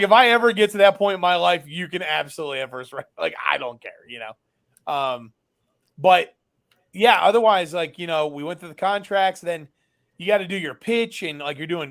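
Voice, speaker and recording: A man's voice: on the high side, a bit bright. A man, a business founder and guest, telling a story casually and animatedly, acting out dialogue with lots of fillers.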